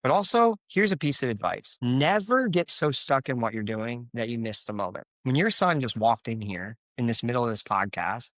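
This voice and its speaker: A man's voice: mid-range voice, animated, normal speed, hardly any pauses, fairly bright tone, no room sound. A man, a coach, speaking as a podcast guest, telling stories and giving life advice in an earnest, motivational way. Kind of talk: conversational podcast interview.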